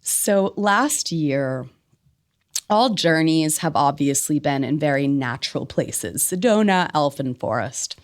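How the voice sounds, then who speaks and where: Lively, low-pitched woman telling a story. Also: takes it slowly. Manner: expressive, laughs often, many "like" fillers. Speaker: podcast guest, spiritual medium. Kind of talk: animated personal storytelling in conversation.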